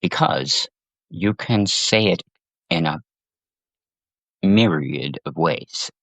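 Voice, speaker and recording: A man's voice: deep voice, big pitch swings, slow pace, gravelly, pauses often, a bit bright, no room sound. A man talking as a podcast guest in casual chat, agreeable and given to chuckles and restarting his phrases.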